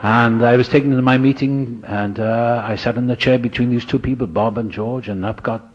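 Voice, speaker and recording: An older man telling a personal story in a husky voice, acting out the people he quotes and dropping to a hush at moments. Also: mid-range voice, fairly even intonation, moderate pace, dull audio.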